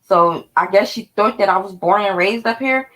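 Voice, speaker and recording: A woman in her thirties from North Philadelphia with a Philly accent, telling a story to her viewers in a casual, animated, profane way. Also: medium pitch, moderate pace, rough recording. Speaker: vlogger.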